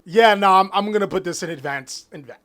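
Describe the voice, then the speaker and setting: A man hosting a casual card game commentary video, animated and jokey, with some playful trash talk. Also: high-pitched, quick pace. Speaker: YouTube host.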